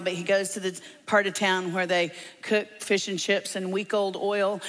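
A woman's voice: mid-range voice, a bit bright. A woman preacher who tells her sermon as a humorous story full of asides. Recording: long hall reverb.

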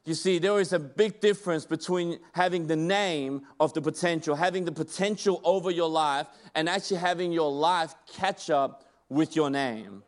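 Male preacher, high voice, emphatic conversational sermon delivery with restarts. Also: moderate pace, hardly any pauses.

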